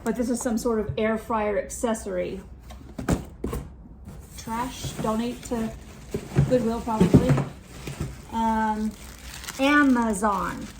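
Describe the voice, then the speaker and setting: A woman's voice: a little high, steady tone, slow pace, long pauses, heavy background noise. A woman unboxing a returns box on her vlog, talking in a snarky, annoyed way. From California.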